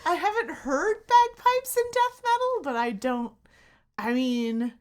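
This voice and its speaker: Woman in her forties, podcast co-host, high voice with lively swings, laughs a lot. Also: measured pace. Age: 40s. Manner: laughs often, playful and excitable. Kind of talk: casual chat.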